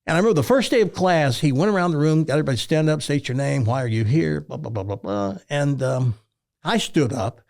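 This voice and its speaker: A man in his seventies from Tennessee, a retired radio talk host, telling stories in an interview with animated delivery. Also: medium pitch. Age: 70s. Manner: animated storyteller, jumps into other voices. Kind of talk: storytelling interview.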